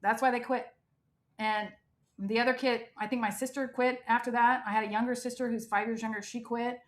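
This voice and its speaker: A middle-aged woman from the United States telling her life story as a guest in an interview, animated and emphatic, acting out what people said. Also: a little high, brisk. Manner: animated, emphatic, frequent "like" and quoted dialogue.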